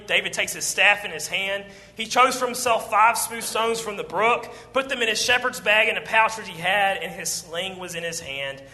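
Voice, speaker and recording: A man preaching a sermon, retelling a Bible story with lively acted-out quotes. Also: sits high. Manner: animated storytelling, acting out quoted lines. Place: church auditorium. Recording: long church hall reverb.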